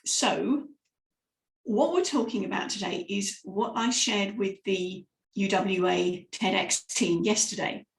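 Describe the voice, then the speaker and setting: Brief: animated female speaking coach, demonstrating exercises, roomy echoey sound. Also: mid-range voice, slow pace, gravelly. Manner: lively, demonstrative, guides listeners through exercises. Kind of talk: live vocal warm-up lesson. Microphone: microphone, sometimes stepping close. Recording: roomy echo.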